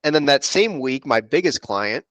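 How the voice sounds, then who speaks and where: Chatting casually on a podcast, an insurance producer wanders through a story and acts out other people's lines. His mid-range voice is animated and a bit bright at a moderate pace, with no room sound.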